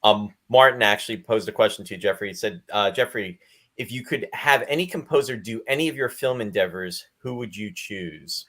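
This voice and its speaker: Host guy, lowish voice, reading viewer questions out, easygoing. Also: fairly quick, fairly bright tone. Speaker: podcast host.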